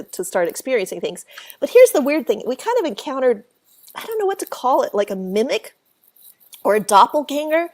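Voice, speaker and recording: A woman with a slightly high voice tells a spooky tale in a relaxed interview. She is animated, acts out the quoted voices and laughs often. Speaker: author and paranormal researcher, guest. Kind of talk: casual storytelling interview.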